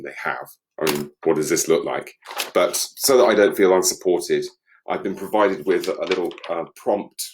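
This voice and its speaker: A man's voice: low-pitched, a little hiss or hum. A middle-aged English man talking alone on a home livestream about his book, dry and self-mocking. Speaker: author on a live book event. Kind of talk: casual solo livestream chat.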